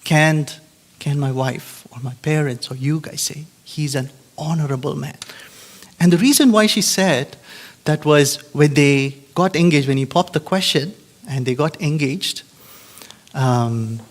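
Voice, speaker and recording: A man's voice: a little high, a little slow. A man preaching a live sermon in a conversational, emphatic way, often checking in with the congregation. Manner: conversational, emphatic, frequent "right?" and "okay?" checks.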